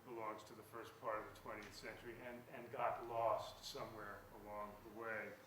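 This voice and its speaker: A man's voice: on the low side, flat delivery, a little fast, a bit bright, a little hiss or hum. A man giving a public lecture as an author, speaking earnestly and emphatically and often repeating words as he restarts his sentences. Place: lecture hall. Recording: echoey hall picked up from a distance.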